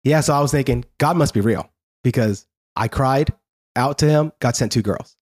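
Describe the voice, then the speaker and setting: A man telling his life story as a guest in an interview, earnest and halting, often restarting his sentences. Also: mid-range voice, a little mellow.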